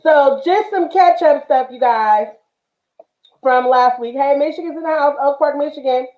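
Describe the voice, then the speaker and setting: Chatty high-voiced woman livestream host. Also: moderate pace, a little mellow. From Northern California, Bay Area. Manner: chatty, affectionate, many fillers. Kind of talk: casual livestream chat. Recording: roomy, dull livestream audio.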